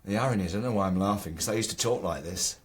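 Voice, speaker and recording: An older man from a small English town, telling family stories in an animated way that often trails off and restarts. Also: low-pitched, very fast, husky. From Ilkeston, England. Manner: animated storyteller, restarts and trails off when excited. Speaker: guest exploring his family history. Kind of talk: casual documentary conversation.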